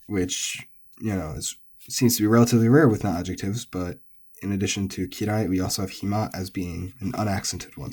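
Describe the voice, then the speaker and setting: Low, mellow-voiced man teaching pronunciation. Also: fairly even intonation, moderate pace, husky. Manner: patient, methodical, repeats example words. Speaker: language teacher. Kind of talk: explaining Japanese pitch accent.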